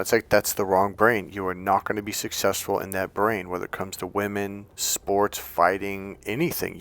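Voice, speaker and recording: A man giving casual dating advice as a coach, telling lively stories and acting out the people in them, blunt and a bit crude. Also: lowish voice, dry recording. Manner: animated storyteller who acts out the people he quotes. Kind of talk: casual motivational monologue.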